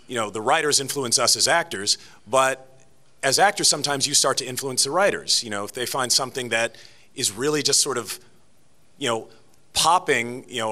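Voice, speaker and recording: On a convention panel, a guest voice actor with a medium-pitched voice responds to interview questions. He's lively and conversational, breaking into laughter and starting sentences over.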